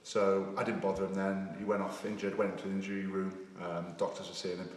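A man with a lowish voice tells relaxed, self-mocking anecdotes. He sits back from the mic in a room with a long, echoing reverb. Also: fast. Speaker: podcast co-host, former rugby player. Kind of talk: casual anecdote telling. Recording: reverberant room, heard from a distance.

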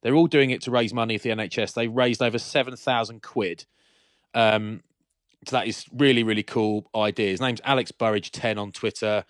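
A man co-hosting a podcast in casual chat, chatty and quick to laugh. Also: on the low side, fairly even intonation, no room sound, studio quality. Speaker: podcast co-host.

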